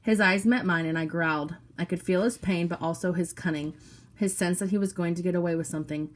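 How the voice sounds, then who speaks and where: A woman reading a novel aloud, narrating in the first person with steady, low-key storytelling. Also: a little fast. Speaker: audiobook reader.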